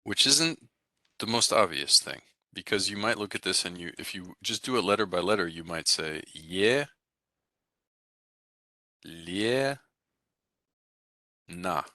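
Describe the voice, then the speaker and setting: A man's voice: sits low, animated, brisk, pushed and bright, no room sound, clean studio sound. A man teaching a language class, explaining pronunciation rules in a casual, rambling way with many fillers and restarts. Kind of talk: recorded class lecture.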